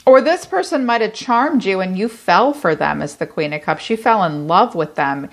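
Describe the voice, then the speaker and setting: A woman's voice: medium pitch, expressive, moderate pace. A woman giving a tarot reading in a chatty, blunt way, swearing casually. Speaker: tarot reader. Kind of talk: solo tarot reading to camera.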